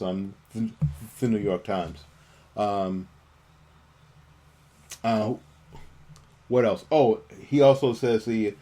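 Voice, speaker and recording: Halting, um-filled man talking casually. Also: lowish voice, a little mellow. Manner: halting, full of ums and restarts. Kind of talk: casual live commentary.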